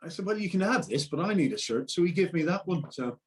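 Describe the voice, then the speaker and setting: A middle-aged man, telling a lively story as a guest and acting out what people said. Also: high voice, fast talker, heavy background noise. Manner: animated, acts out quotes loudly. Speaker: musician guest, husband. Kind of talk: casual storytelling.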